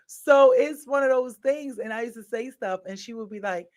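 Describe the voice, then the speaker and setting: A woman hosts a casual live stream chat with her viewers. She talks playfully and laughs often. Her voice swings between loud and soft. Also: fairly high pitch, dull audio.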